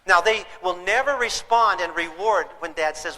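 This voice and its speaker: A man giving a humorous parenting seminar, talking in an animated, theatrical way. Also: high-pitched, moderate pace, long reverb tail, poor audio. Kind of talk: humorous live seminar talk. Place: lecture hall with an audience.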